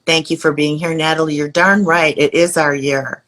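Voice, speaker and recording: A woman's voice: low-pitched, steady tone, moderate pace. A woman hosting a live video stream, speaking effusively and inspirationally to a guest and her viewers. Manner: effusive, warm-hearted, inspirational. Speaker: host. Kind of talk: live-streamed casual chat.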